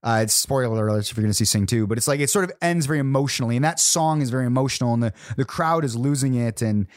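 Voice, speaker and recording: A man's voice: medium pitch, rapid-fire, no echo, clean studio sound. A man hosting a podcast, casually telling a rambling story full of "like" and restarts. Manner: rambling storyteller, heavy use of "like". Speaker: podcast host. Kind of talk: casual chat.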